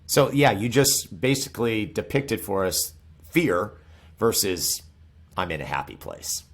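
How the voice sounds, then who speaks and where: Male host, fairly low voice, relaxed interviewer who keeps the guest talking with quick affirmations. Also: vocal fry. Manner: encouraging, frequent short affirmations. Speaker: podcast host. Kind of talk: casual interview.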